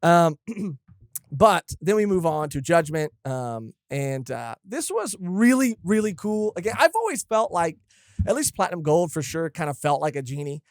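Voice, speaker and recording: Excitable rambling young man, dry mic. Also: fairly high pitch, moderate pace, no room sound. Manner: rambling, excitable, self-correcting. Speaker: podcast co-host. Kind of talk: casual chat.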